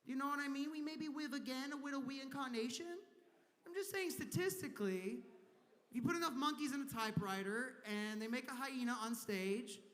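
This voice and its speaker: A man with a high, light voice rambles through a crude stand-up set, slipping in and out of little character voices. He is on a big convention stage, and his words ring out into a long hall reverb. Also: normal speed, fairly bright tone. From Kentucky, US. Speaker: stand-up comedian.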